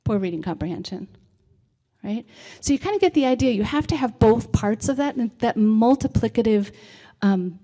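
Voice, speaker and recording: A woman's voice: fairly high pitch, expressive, normal speed, mellow. A middle-aged woman giving a conversational presentation on reading, often checking in with "right?". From United States. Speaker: literacy presenter. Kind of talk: presentation to a civic audience.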